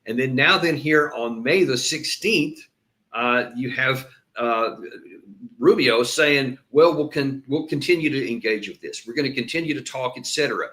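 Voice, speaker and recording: A man's voice: medium pitch, normal speed, fairly bright tone. A man hosting political commentary, talking emphatically and often breaking off to restart his sentences. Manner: emphatic, repeats words when stressing a point. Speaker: host and commentator. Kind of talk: solo political commentary with played clips.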